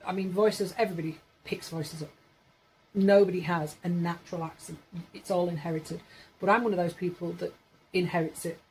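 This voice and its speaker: A woman's voice: fairly low pitch, steady tone, brisk, darkish tone, slight background noise, poor audio. A woman in her forties from Yorkshire, England, chatting casually to camera in a rambling way, correcting herself as she goes. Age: 40s. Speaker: vlogger.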